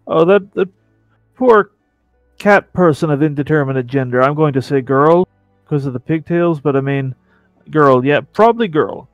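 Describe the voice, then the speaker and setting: A man's voice: fairly high pitch, normal speed, no echo, faint music behind. Sarcastic man doing game commentary. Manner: rambling, playfully sarcastic asides. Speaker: let's play commentator.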